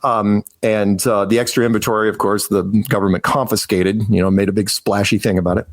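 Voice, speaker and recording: A man's voice: lowish voice, level tone, brisk, no echo. Rambling man telling a story. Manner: rambling, with many restarts and acted-out quotes. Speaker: podcast guest. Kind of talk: casual storytelling in an interview.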